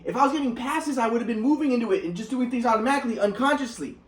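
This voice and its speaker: Rapid-fire and very high-pitched, this man rambles through a personal story in a casual monologue, often restarting and repeating himself while performing other people's quotes.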